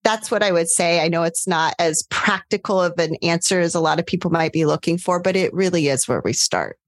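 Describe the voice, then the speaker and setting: A woman coach as a podcast guest, talking gently and soothingly, full of warm affirmations. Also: lowish voice, expressive, fairly quick, dry recording, clean studio sound. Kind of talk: podcast interview.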